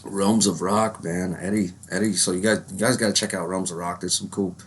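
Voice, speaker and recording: A man's voice: sits low, fairly even intonation, a little fast, slight background noise. A man with a lingering cold, ranting casually and profanely to his viewers, rambling and dropping "man" constantly. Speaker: metal vlogger. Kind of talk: casual rant to camera.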